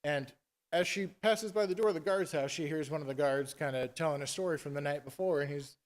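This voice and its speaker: A man retelling a fairy tale at a conference in a casual, animated, chatty way. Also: a little high, a little fast. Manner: animated, chatty, tag questions. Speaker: conference speaker. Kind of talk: casual storytelling talk.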